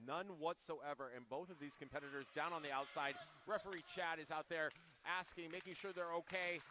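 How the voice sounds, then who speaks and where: A man's voice: on the high side, steady tone, a little fast, noisy background. A man giving color commentary on live pro wrestling, playful with cheeky asides.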